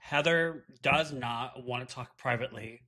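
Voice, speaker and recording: A man's voice: mid-range voice, measured pace, bright, forceful tone. A man co-hosting a podcast, recapping a reality show in a casual, emphatic and opinionated way. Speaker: podcast co-host.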